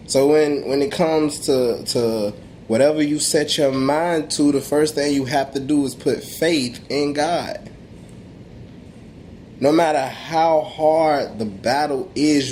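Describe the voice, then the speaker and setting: Faith and perseverance are the theme of this young male vlogger's motivational talk to camera. His mid-range voice has a darkish tone, and he preaches emphatically in casual slang, testifying and restarting again and again; a little background noise is present.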